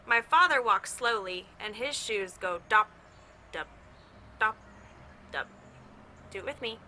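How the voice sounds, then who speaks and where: A woman teacher reads a picture book aloud to children while sitting outdoors with her dog. She stays cheerful and imitates each sound in the story, in a very bright, slightly high voice. Faint outdoor noise hums in the background. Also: lively intonation, moderate pace, rough recording. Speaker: music teacher reading to children.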